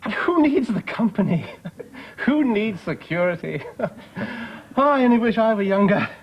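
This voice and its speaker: An actor playing a pompous, self-important middle-aged office manager in a 1990s studio sitcom. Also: male voice, sits high, big pitch swings, measured pace, husky, full character voice. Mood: solemn. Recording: dull broadcast sound, studio audience laughter.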